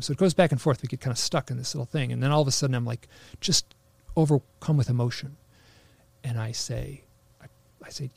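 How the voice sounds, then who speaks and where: A man's voice: mid-range voice, steady tone, fairly quick, vocal fry, darkish tone, breathy edge, dry recording. A man telling a personal story in casual conversation, rambling with lots of "like" fillers and restarts. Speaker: interview guest.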